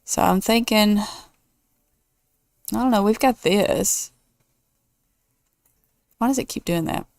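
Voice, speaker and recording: A woman's voice: mid-range voice, takes it slowly, creaky, pauses often, dry recording, clean studio sound. A woman hosting a casual let's play, thinking aloud and weighing choices as she builds. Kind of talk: casual gameplay commentary.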